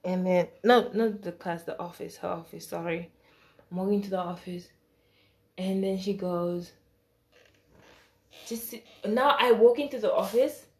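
A woman's voice: on the low side, normal speed. A woman telling a story in a casual, chatty way, with slang, asides and laughter, acting out the voices of the people in her story. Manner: animated, acts out quoted dialogue with shifting voice.

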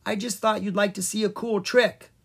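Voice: mid-range voice, fairly even intonation, normal speed, gravelly, a bit bright, slightly rough, voice pushed up. A reader voicing a young male pixie in a children's audiobook, earnest, eager and a bit flustered at being new to his job. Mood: urgent, encouraging.

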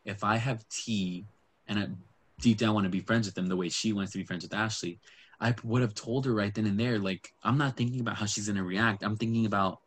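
A man's voice: fairly low pitch, steady tone, a little fast, slightly rough. A man in casual, rambling chat about a reality show, full of fillers and asides. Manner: chatty, rambling, lots of fillers and quoted asides.

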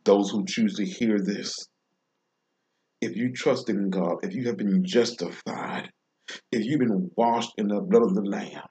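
A man delivering an informal devotional sermon, slow and emphatic, repeating phrases with long pauses. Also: fairly low pitch, warm tone. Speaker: preacher.

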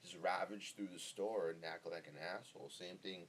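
A man's voice: sits low, fairly even intonation, moderate pace, a bit bright, slight background noise. Rambling, profane young man hosting a podcast. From Northern California. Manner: rambling, profane and laid-back, with lots of fillers. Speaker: podcast host. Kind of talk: casual solo podcast monologue. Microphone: close podcast microphone.

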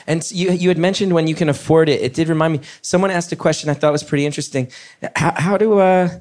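A man's voice: a little high, fast, darkish tone. A man hosting a call-in show on stage in front of an audience, talking in an earnest, caring and jokey way. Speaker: host. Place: stage before a live audience.

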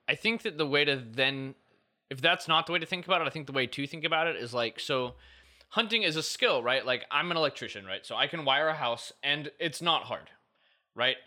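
A man's voice: fairly high pitch, expressive, brisk, sharp tone. A man chatting as a podcast guest, explaining his view with lots of "like" and "right?". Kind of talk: casual podcast chat.

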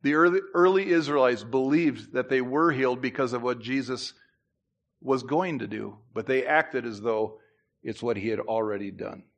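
A man preaching a sermon in church, conversational with asides and restarts, who climbs louder and higher to drive his points home. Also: moderate pace, highs cut off. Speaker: pastor.

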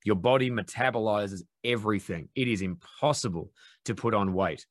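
A man's voice: fairly low pitch, normal speed, no room sound, studio quality. A man in casual chat, swearing freely and acting out quotes in mock voices.

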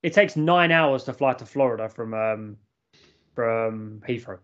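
A man's voice: medium pitch, a little slow, fairly bright tone. A young man, chatting casually as a podcast co-host, blunt and full of swearing. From London. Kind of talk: casual chat. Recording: dull lo-fi audio.

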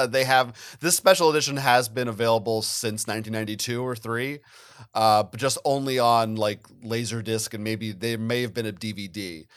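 A man's voice: mid-range voice, steady tone, moderate pace, fairly bright tone, smooth, no echo, studio quality. A man co-hosting a podcast in casual chat, joking and rambling, often laughing. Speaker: podcast co-host. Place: New Jersey.

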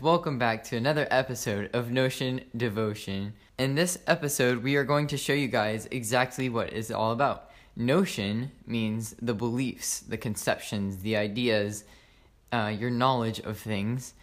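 A young man co-hosts a casual podcast in a mid-pitched voice. He is playful and patient, happy to redo a take, and explains terms carefully. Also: a little slow. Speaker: podcast co-host.

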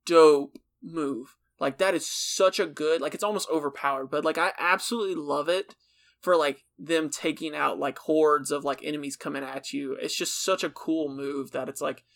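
A woman's voice: sits low, fairly even intonation, normal speed, creaky. A woman co-hosting a podcast, chatting casually about a film with lots of filler words. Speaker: podcast co-host.

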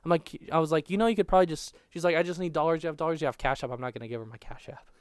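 A young man chatting in a crude, profane podcast ramble, hurrying through his stories and stumbling over restarts. His voice is clean and smooth. The recording is dry and close, with no room sound. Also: a little high, very fast, no echo. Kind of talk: crude casual storytelling.

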